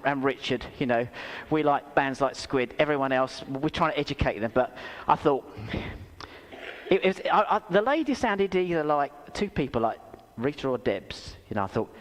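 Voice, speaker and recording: A man preaching a sermon in a church, telling stories with self-deprecating humour and asking rhetorical questions. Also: mid-range voice. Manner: animated storytelling with rhetorical questions. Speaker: pastor. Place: church hall. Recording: reverberant church hall.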